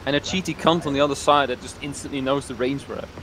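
A man talking fast with his teammates during a video game, his callouts quick and offhand. His voice sits at an ordinary pitch for a man, with faint noise behind it. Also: steady tone, a bit bright, low-quality recording. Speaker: teammate on voice chat. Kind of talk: casual chat while gaming.

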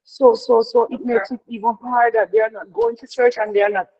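A woman's voice: on the high side, animated, brisk. A middle-aged woman leading a prayer devotion in an earnest, heartfelt way, often repeating herself and restarting. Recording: dull lo-fi sound.

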